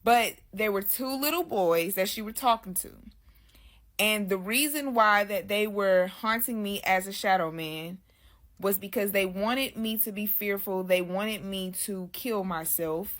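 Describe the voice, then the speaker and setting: A woman's voice: medium pitch, measured pace, a bit bright. A woman as a guest, casually telling her own story in loose, slangy speech and often addressing listeners as "y'all".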